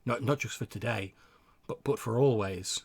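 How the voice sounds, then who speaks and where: A man voicing a soft, pleading undead woman who speaks hesitantly with stammered restarts. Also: fairly low pitch, moderate pace, vocal fry, breathy edge.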